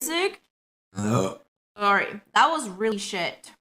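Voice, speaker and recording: A woman's voice: mid-range voice, wildly swooping pitch, very slow, bright, forceful tone. A young woman streaming casually to her chat, talking loosely and apologizing over and over. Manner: chatty, keeps apologizing.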